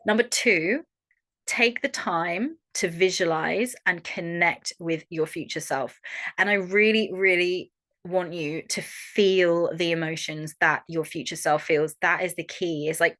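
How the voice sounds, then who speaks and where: A young Australian woman coaching a workshop audience in a frank, animated way and swearing freely. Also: fairly low pitch. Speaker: holistic coach. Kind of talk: online workshop talk.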